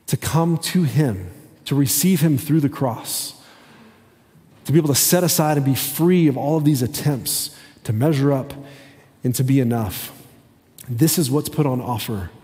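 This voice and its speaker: A man giving a conversational sermon as a pastor, talking haltingly with many restarts. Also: fairly high pitch, mellow. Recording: long hall reverb.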